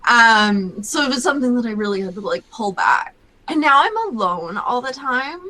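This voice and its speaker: Bright-voiced chatty woman podcast host. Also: on the high side, lively intonation, moderate pace, low-quality recording. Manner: chatty, lots of fillers like "like". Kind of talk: casual podcast conversation.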